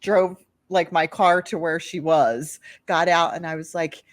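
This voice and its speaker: Here a woman co-host on a podcast narrates a story casually, bringing the quotes to life as an animated storyteller. Her voice is lowish and a little slow, in clean studio audio with no room sound.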